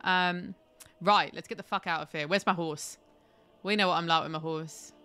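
A woman's voice: lowish voice, moderate pace, bright, forceful tone, smooth, soft background music. A woman live-streaming a game from home on a headset, chatty and swearing, with laughing asides.

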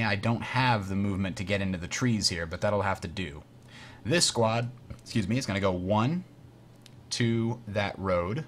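A man hosting a board game tutorial, explaining rules in a chatty way and muttering while he works the software. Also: lowish voice, a little hiss or hum. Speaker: host teaching a board game. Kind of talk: casual tutorial over online play.

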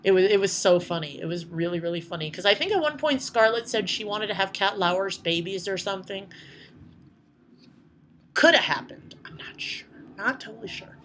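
Chatty woman vlogger, bright crisp voice, cusses a ton, tells stories all animated, faint hiss behind. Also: mid-range voice, moderate pace. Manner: chatty, swears a lot, animated storytelling. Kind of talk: casual vlog recap. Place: indoors at night.

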